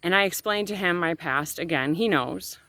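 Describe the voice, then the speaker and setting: A woman's voice: lowish voice, normal speed, sharp tone, no echo. Earnest woman telling a personal story. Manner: earnest, emotional, conversational with fillers. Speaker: channel host.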